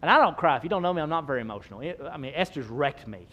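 Animated man preaching a sermon. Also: very fast. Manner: animated preaching, swinging between loud emphasis and soft low asides. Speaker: pastor.

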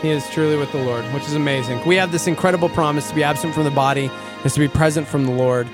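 A man co-hosting a morning radio show speaks in an earnest, enthusiastic way, his voice a little higher than most men's. Soft music sits underneath. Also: steady tone, fast. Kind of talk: casual radio chat.

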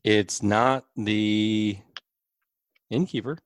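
A man's voice: fairly low pitch, steady tone, drawn-out words, dry recording. A man co-hosting a podcast, mostly dropping short agreeing replies in casual chat. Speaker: podcast co-host.

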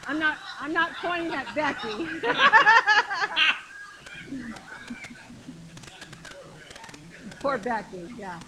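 A woman's voice: high-pitched, very animated, normal speed, few pauses, background noise. A middle-aged woman preaching a sermon in a conversational, emphatic way, repeating phrases to build up her point, with a congregation answering her.

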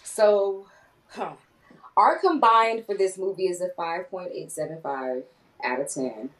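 A woman co-hosts a casual movie review podcast with a low voice. She is animated and swears freely, acting out quoted lines. Her voice sounds set back a little from the microphone. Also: unhurried, far from the mic, poor audio. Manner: animated, swearing, quoting herself and others. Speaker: podcast co-host.

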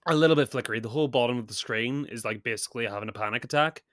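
A man's voice: mid-range voice, racing, a bit bright. Man rambling through a film review. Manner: rambling, laughs often, many restarts. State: sick. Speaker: podcast co-host. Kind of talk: casual film review chat.

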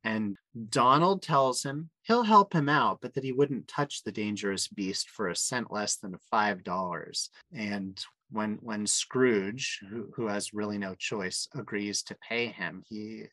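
A man's voice: fairly low pitch, measured pace, hardly any pauses, sharp tone, no room sound, rough recording. A man hosting a casual chat, retelling a comic story with enthusiasm and asking his co-hosts for their takes. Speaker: podcast host.

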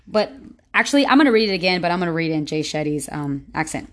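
A woman's voice: low-pitched, lively intonation, fast, fairly bright tone. A woman hosting her own solo podcast in a casual, rambling way, with many fillers and restarts. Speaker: podcast host.

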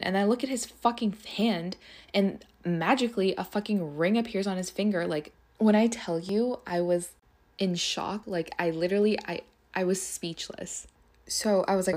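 A woman's voice: mid-range voice, normal speed, darkish tone. A young woman hosting a podcast, telling a personal story in a chatty, casual way, swearing often and filling her talk with "like". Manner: chatty and profane, heavy use of "like". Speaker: podcast host.

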